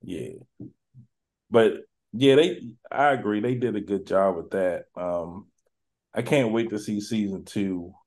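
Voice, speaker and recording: A man's voice: fairly low pitch, slow, darkish tone. A man hosting a podcast, chatting in a laid-back, slangy, rambling way. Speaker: podcast host. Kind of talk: casual chat.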